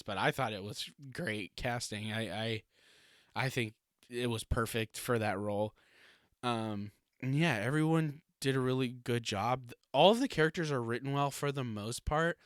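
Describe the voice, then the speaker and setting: A man's voice: lowish voice, a bit bright, dry recording, studio quality. A man hosting a solo podcast in a casual, rambling way, swearing freely and laughing often. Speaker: podcast host.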